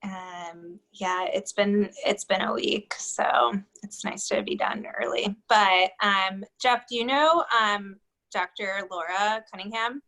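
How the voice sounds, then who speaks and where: A woman dentist chatting casually on a video call, relaxed and rambling. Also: medium pitch, slow, creaky, rough recording. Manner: relaxed, rambling, says "like" and "dude". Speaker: dentist panelist. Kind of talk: casual chat.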